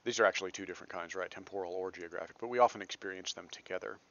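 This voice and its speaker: A very low-voiced man from Texas walks through a literature lecture in a chatty, self-deprecating way. His tone is bright and forceful despite the depth. The recording is dull and lo-fi. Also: steady tone, rapid-fire, slight background noise. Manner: conversational, self-deprecating asides, frequent "right?".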